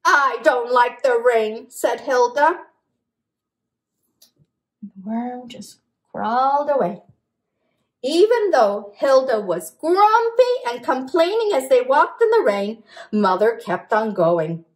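A librarian leads a children's storytime, reading a picture book and rhymes in an animated, sing-song way, making animal sounds and asking the kids questions. Her voice is high, and she reads slowly with long pauses.

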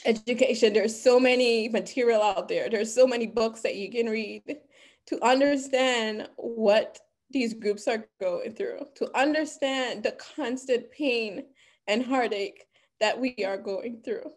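Woman, higher-pitched, earnest and emphatic guest speaker. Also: a little slow, darkish tone. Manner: earnest, emphatic, becomes emotional. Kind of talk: impassioned talk.

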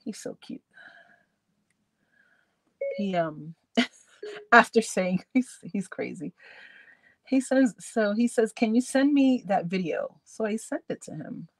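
A woman's voice: mid-range voice, lively intonation, takes it slowly, long pauses, no room sound. Bubbly woman chatting to her viewers. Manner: bubbly, laughs often, talks to viewers. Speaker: crafting channel host. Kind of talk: casual live-stream chat.

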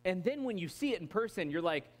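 A man's voice: high-pitched, sing-song, fast. A man with an American accent preaching a casual, joking sermon full of fillers. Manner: joking, chatty, many fillers. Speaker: guest preaching pastor.

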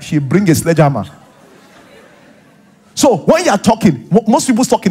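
A man's voice: high voice, very animated, fairly quick, a little mellow, slightly rough. A man with a Nigerian accent, a pastor preaching a sermon in a church, acting out little scenes and repeating points for emphasis. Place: church hall.

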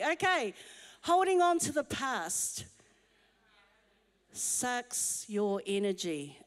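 A woman pastor, preaching a sermon in a chatty, humorous storytelling way. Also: a little high. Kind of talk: conversational sermon. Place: church auditorium. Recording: long hall reverb.

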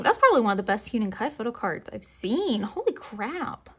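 A woman's voice: fairly high pitch, very animated, a little fast, sharp tone, slightly rough. Chatty woman unboxing with giggly asides. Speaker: unboxing vlogger. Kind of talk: casual unboxing chat.

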